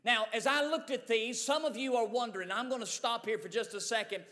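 Male preacher, very high-pitched, rhythmic repetition, fervent Pentecostal delivery in a church sanctuary. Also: fairly quick, sharp tone. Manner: building to Pentecostal preaching fervor. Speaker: pastor. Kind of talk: sermon. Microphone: mic run through a sound board.

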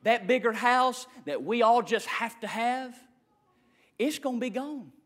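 A man preaching a sermon as pastor, swinging from shouted declarations to hushed asides. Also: very high-pitched, lively intonation, unhurried.

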